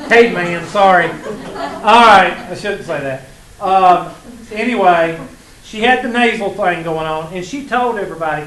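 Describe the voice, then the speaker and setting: In an echoey classroom with faint background noise, a Southern-accented man teaches college math in a relaxed, chatty way. He jokes with his students and spins sarcastic stories, his voice pitched somewhat high and a little bright.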